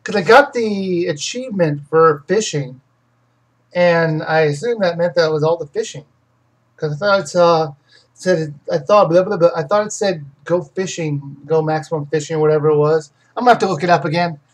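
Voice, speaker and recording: A husky-voiced game reviewer hosting a casual live question session. The voice sits at a middle pitch, and the talk rambles with frequent restarts and confident opinions on games. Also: moderate pace, poor audio. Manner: rambling, self-correcting, many restarts.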